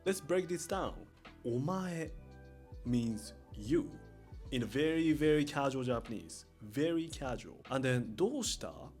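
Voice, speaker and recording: A man's voice: medium pitch, animated, unhurried, darkish tone. A man teaching casual Japanese phrases to camera, speaking in laid-back hood slang. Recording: faint lo-fi music behind voice. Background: faint lofi music.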